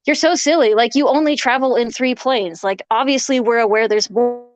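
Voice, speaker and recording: A woman's voice: on the high side, moderate pace, natural voice. A woman voicing a competitive, aggressive Bigfoot creature who talks down to her with amusement. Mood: condescending. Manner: amused, condescending.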